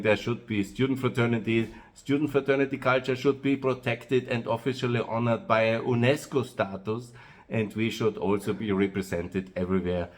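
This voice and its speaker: A man with an Austrian accent, speaking in a loose, rambling monologue for his own video channel, pausing often on "uh" and repeating himself. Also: medium pitch, fairly even intonation. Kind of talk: monologue to camera.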